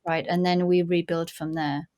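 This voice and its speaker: A woman's voice: lowish voice, level tone, normal speed, darkish tone. Blunt woman coaching actors on a call. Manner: blunt, instructive. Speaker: guest acting coach. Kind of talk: casual coaching over a video call. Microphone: video call.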